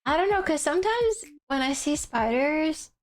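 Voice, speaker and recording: A young woman with a high, bright voice rambles through a casual livestream chat. She giggles often and tells stories with animated bursts, while soft music plays faintly behind her. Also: moderate pace.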